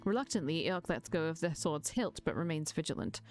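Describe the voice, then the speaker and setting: A woman's voice: sits low, lively intonation, brisk, a little mellow, soft background music. A woman streamer reading a visual novel aloud in the first person, telling the story expressively.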